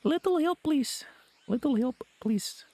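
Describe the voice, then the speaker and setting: A man's voice: very high voice, animated, takes it slowly, mellow, dry recording, pitched above the performer's own voice, full character voice. A man voicing a Russian woman hunter from a game, with a put-on Russian accent and an exaggerated, playful delivery. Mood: pleading. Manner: exaggerated, trying out voices. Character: husky-voiced Russian woman hunter asking for help. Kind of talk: pseudo-ASMR game reading.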